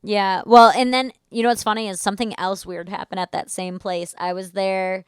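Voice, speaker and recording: A woman's voice: mid-range voice, flat delivery, moderate pace, clean tone, dry recording, clean studio sound. A young woman co-hosting a casual comedy podcast at home, a chatty storyteller who laughs along. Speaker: podcast co-host.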